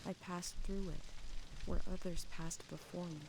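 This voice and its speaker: A man's voice: sits high, fairly even intonation, moderate pace, background noise. A man voicing a lonely wandering traveler in scripted, reflective game narration. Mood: wistful. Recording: with music behind.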